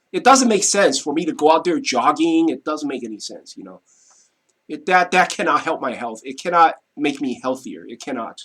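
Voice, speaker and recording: Husky-voiced guy rambling at his desk, pitch jumping all over, keeps saying you know. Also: a bit bright. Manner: rambling, repeats himself, frequent "you know" and "right". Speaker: vlogger. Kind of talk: casual monologue to camera. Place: home, seated at his desk.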